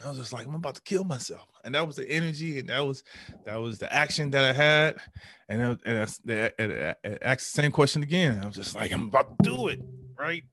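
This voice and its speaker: A man in his thirties tells a deeply personal story as a podcast guest. He slips into animated, higher re-enactments of his own past voice, then settles back into a reflective tone. The recording is dry and close. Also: brisk, dry recording.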